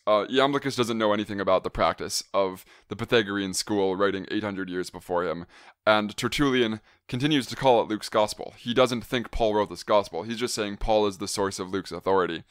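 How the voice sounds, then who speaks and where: A man co-hosting an academic podcast, laying out a scholarly argument and then disagreeing with it in a measured, critical way. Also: fairly low pitch, fairly bright tone, smooth, no room sound, clean studio sound. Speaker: podcast co-host.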